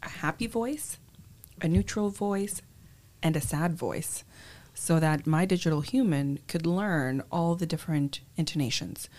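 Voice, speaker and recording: A woman guest on a podcast, telling an anecdote lively and acting out her own thoughts in casual conversation. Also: low voice, measured pace. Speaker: podcast guest, innovation lead. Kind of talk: casual interview storytelling.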